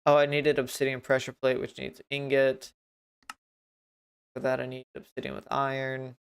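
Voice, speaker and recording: A man's voice: mid-range voice, completely flat delivery, moderate pace, vocal fry, clean tone. A man livestreaming a video game, thinking aloud in a rambling, self-mocking way as he sets up his desk mic. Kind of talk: casual gameplay commentary. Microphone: desk mic with noise gate.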